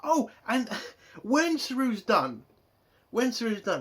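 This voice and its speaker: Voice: mid-range voice, very animated, measured pace. A TV reviewer, ranting angrily and swearing constantly about a show. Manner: angry, profane, exasperated ranting.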